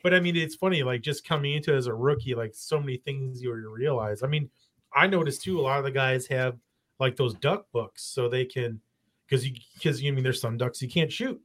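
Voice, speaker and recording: A man's voice: mid-range voice, a little fast, fairly bright tone. An American man chatting casually about duck hunting, rambling with many fillers and restarts. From United States. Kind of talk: casual chat.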